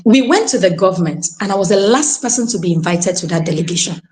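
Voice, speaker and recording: Brief: Nigerian-accented woman, mid-pitched, exclamatory live-stream testimony, addresses her coach often, drops into pidgin phrases. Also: lively intonation, quick pace, a little mellow. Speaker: podcast guest sharing a testimony.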